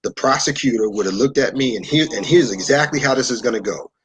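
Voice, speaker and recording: A man from New York, a show guest, telling a story in a relaxed, conversational way and acting out what people said. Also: medium pitch, fast talker, slightly rough, rough recording. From New York, USA. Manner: animated storyteller who acts out dialogue.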